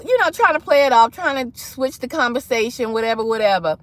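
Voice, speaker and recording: A woman's voice: high voice, brisk, dry recording. A woman hosting a casual livestream, telling a personal story with dramatic flair and acting out the people in it. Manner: animated, dramatic, acts out voices in her story. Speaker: livestream host.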